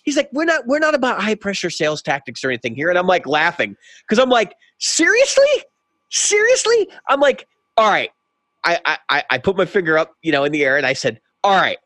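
Man, podcast co-host, casual storytelling, acts out both sides, lively swooping voice, dry close sound. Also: a little high, fast talker, no echo. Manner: animated, acts out both sides of a heated exchange.

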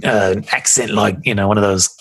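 A man's voice: on the low side, steady tone, fairly quick, a bit bright, breathy edge. A man hosting a video podcast, talking in a loose, chatty way with plenty of fillers. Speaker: podcast host. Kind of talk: casual chat.

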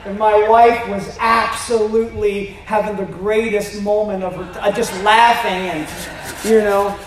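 High-voiced man in his fifties preaching. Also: measured pace, slight background noise. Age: 50s. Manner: animated, rising to emphatic shouts with joking asides. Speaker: pastor. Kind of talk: sermon. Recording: roomy echo.

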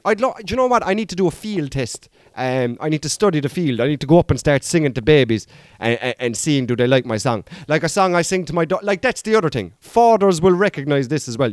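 Rambling Irish man, a little high-voiced. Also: no room sound, studio quality. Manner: rambling, self-mocking, chatty asides. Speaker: podcast host. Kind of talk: casual comic monologue.

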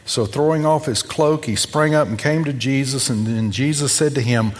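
A man preaching a sermon, animated as he tells a story, acting out the people in it. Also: mid-range voice, moderate pace, big-room sound. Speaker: pastor.

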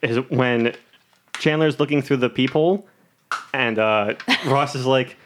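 A man's voice: mid-range voice, normal speed. A young man co-hosting a casual podcast chat, rambling and laughing often as he acts out quoted lines. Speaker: podcast co-host.

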